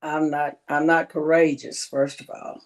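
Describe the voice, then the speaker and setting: A woman speaking as an interview guest, telling her story in a halting way with many pauses. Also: low-pitched, little pitch movement. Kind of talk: personal interview testimony.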